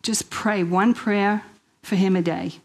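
A middle-aged woman from New York with a New York accent, giving a lively personal testimony at a women's church event and acting out the dialogue in her stories. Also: medium pitch, slow pace, breathy edge, poor audio. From Queens, New York. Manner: lively storyteller who acts out quoted dialogue and laughs often.

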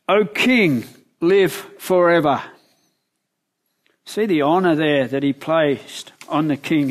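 A man preaching a sermon, retelling a Bible story in lively words and asking the listeners questions. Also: on the high side.

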